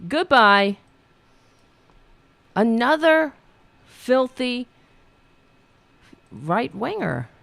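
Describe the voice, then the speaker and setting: A woman's voice: fairly high pitch, sing-song, very slow, vocal fry, pauses often, a bit bright, no room sound. A woman host ranting about politics, sarcastic and profane, mocking commenters. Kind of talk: angry political rant.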